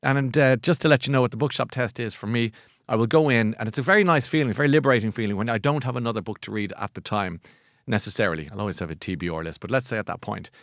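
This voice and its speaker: A man with an Irish accent hosting a book show, chatty and animated, often laughing at himself. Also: medium pitch, fast talker, no room sound, studio quality. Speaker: host. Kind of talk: casual chat.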